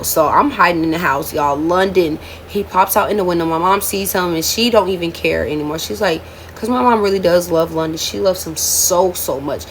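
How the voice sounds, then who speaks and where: A woman's voice: on the low side, moderate pace, hardly any pauses, a little hiss or hum. A woman in her twenties telling her life story to viewers in a casual storytime vlog, emotional and candid, often calling out "y'all.". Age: 20s.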